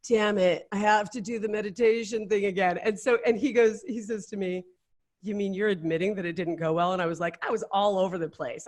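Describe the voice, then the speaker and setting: A middle-aged woman with a pitch that sits in the middle of the range talks as a life coach on a chat show. She tells stories in a candid, animated, chatty way, with restarts and quoted asides. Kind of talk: casual chat.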